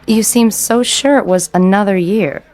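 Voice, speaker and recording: An actress playing a gentle young woman who worries about a man, in a mid-century drama. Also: medium pitch, moderate pace, lightly acted. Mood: concerned.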